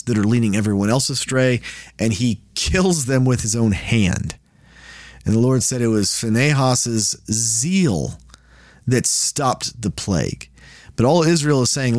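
A man's voice: medium pitch, darkish tone, no echo, clean studio sound. A man leading a casual Bible study, explaining scripture in a conversational way and paraphrasing it in quoted asides.

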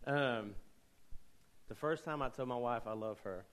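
A man's voice: mid-range voice, unhurried, fairly bright tone, poor audio. A young man preaching a sermon as pastor, conversational with joking asides and rising emphasis.

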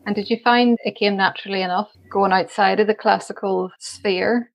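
A woman's voice: mid-range voice, steady tone, normal speed, creaky, dull audio. A woman interviewer asking brief, encouraging questions.

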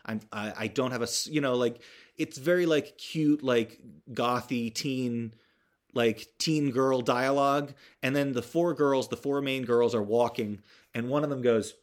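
A young man recapping a movie for his podcast, talking casually with plenty of fillers, false starts and restarts. His tone is sardonic and he swears now and then to land a point, at a middle pitch. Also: normal speed. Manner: rambling, full of fillers and restarts. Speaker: podcast host.

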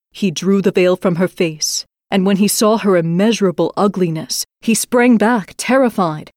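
A woman storyteller reading an old fairy tale aloud in a measured, even manner. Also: mid-range voice, no room sound, clean studio sound.

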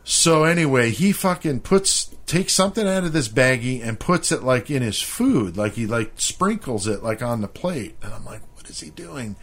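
Male podcast co-host, mid-range voice, swears constantly, animated rowdy storyteller. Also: mid-range voice, normal speed, few pauses. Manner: profane, animated, laughs through his story. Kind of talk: casual storytelling chat.

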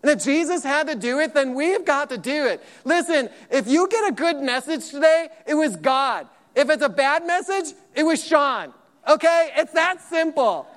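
A man preaching a sermon as pastor, emphatic and lively, repeating points and acting out quotes. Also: very high-pitched, normal speed. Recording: long hall reverb.

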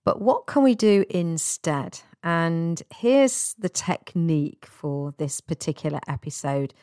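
Lady doing a self-help podcast, low voice, chatty and kind, dry close sound. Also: animated, slow pace, clear, resonant tone, no echo. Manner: gentle, chatty, laughs at herself. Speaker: podcast host.

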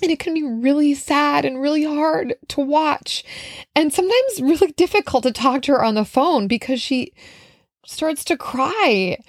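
Woman from Minnesota, solo podcast host and coach, earnest and heartfelt, a touch high, close dry sound. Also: animated, moderate pace, no echo. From Minnesota, USA. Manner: earnest, heartfelt, conversational with fillers. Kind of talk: reflective solo podcast monologue.

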